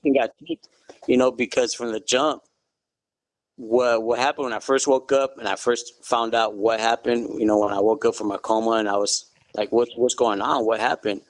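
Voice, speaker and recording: A middle-aged man, a guest in an interview, telling his story in a relaxed, good-humored way and saying "you know" often. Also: mid-range voice, moderate pace, no room sound. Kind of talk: casual interview.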